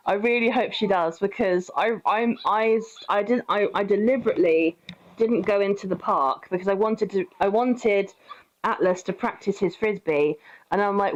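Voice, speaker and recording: A woman's voice: medium pitch, normal speed, highs cut off. A young British woman giving casual, sweary gameplay commentary, chatting, laughing often and cooing at her pet. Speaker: streamer.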